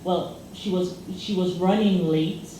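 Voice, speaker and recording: A woman's voice: fairly low pitch, steady tone, a little slow, warm tone. A woman co-hosting a casual chat, telling a story in a loose, filler-heavy way. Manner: chatty storytelling with many fillers. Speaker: co-host. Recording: echoey room, faint noise.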